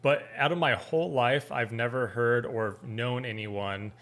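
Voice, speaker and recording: A young man talking through a reaction video in a relaxed, rambling way. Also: medium pitch, unhurried. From California. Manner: easygoing, rambling, repeats words. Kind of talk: casual commentary.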